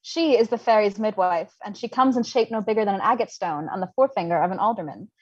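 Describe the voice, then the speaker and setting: A woman's voice: medium pitch, fast talker, muffled recording, natural voice. Mercutio, mocking young man, read by a woman. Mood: fanciful. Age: young adult. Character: witty, mocking young male friend Mercutio. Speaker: volunteer reader. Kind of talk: unrehearsed livestream Shakespeare reading.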